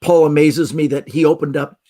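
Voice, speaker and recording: A middle-aged Canadian magician, appearing as a podcast guest, speaks briskly in a slightly high voice. He tells stories casually and acts out the voices of the people in them.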